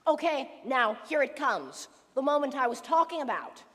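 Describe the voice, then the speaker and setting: A woman's voice: sits high, big pitch swings, normal speed, a bit bright, heavily acted. A woman playing a wistful middle-aged man musing to the audience. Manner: confiding, musing asides to the audience. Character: lonely middle-aged male theatre fan, wistful and chatty. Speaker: narrator character. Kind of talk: school stage musical acting. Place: school auditorium stage. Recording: reverberant school auditorium.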